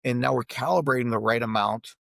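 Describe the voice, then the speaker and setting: A man with a Boston accent, a golf coach explaining ideas in an animated way on a podcast over a video call. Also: mid-range voice, fairly quick, vocal fry, dry recording. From Boston area, USA.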